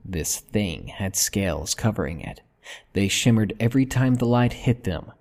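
A man narrating a horror story in a slow, measured, hushed way. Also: lowish voice, expressive.

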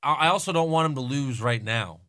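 A man co-hosting a podcast, chatting casually and with strong opinions, full of fillers and quick bursts. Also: medium pitch, bright, forceful tone, no room sound, studio quality. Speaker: podcast co-host. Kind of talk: casual wrestling chat.

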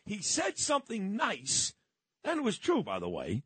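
A man's voice: sits high, huge pitch swings, normal speed, fairly bright tone, slightly rough. A man hosting a talk show, teasing and blunt in casual chat. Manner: brash, teasing, blunt and profane. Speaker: radio talk show host.

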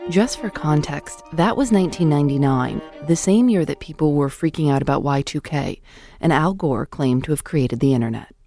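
A woman hosting a podcast, narrating in a measured, clear way and putting questions to her guest. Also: deep voice, dark tone, soft background music. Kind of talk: scripted narration and interviewing.

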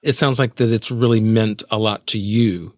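Measured male interviewer, dry sound. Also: fairly low pitch, fairly even intonation, a little mellow, no room sound. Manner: measured, reflective summarizing of the guest's points. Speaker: interviewer host. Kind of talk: casual interview conversation.

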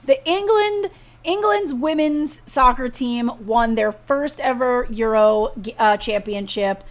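A woman co-hosts a sports news talk show. Her voice sits a touch high, and she chats loosely about the headlines, piling up fillers and restarting her sentences as she goes. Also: slow. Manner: chatty, many fillers and restarts. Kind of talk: casual news chat.

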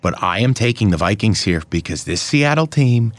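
A man co-hosting a sports betting chat, ranting with theatrical mock outrage and cursing, his voice jumping high when riled. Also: animated, moderate pace, no echo. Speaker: sports betting podcast co-host.

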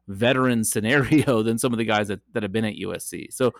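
A man's voice: lowish voice, fast, gravelly, dry recording, studio quality. A man co-hosting a casual sports podcast, chatty, laughing easily and using many fillers. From Colorado area. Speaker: podcast co-host.

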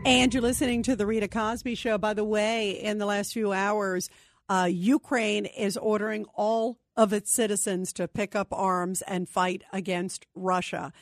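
A woman's voice: medium pitch, steady tone, moderate pace, no echo, studio quality. A woman hosting a call-in talk radio show, speaking in an emphatic, indignant manner. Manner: emphatic, indignant, reads phone number repeatedly. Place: radio studio.

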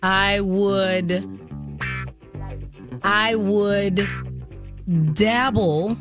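A woman's voice: mid-range voice, fairly even intonation, drawn-out words, music in the background. A woman co-hosting a radio show, chatting agreeably and often affirming the others. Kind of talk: casual radio banter.

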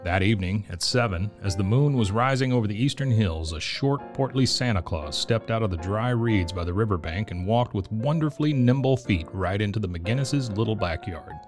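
A man reading a children's Christmas story aloud in a gentle, measured way. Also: fairly low pitch, expressive, faint music behind. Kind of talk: storybook narration.

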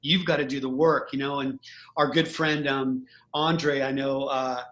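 A man's voice: mid-range voice, flat delivery, a little slow, a bit bright. A man hosting a casual podcast conversation, speaking in an earnest, heartfelt way with run-on thoughts. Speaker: host, musician.

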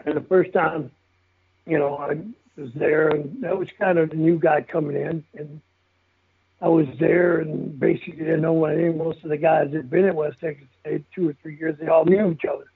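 An older man with a rough, gravelly voice that runs a little higher than most. He talks bluntly and profanely, breaking into chuckles as he goes. The sound comes through thin and tinny, like a phone call. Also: steady tone, normal speed. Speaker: guest telling stories of his football days. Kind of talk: casual storytelling interview.

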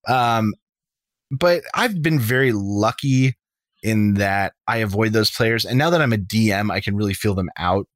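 A man's voice: fairly low pitch, normal speed, no room sound, studio quality. A man who runs tabletop games, chatting casually and telling stories about his characters. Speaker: dungeon master and podcast co-host. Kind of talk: casual chat.

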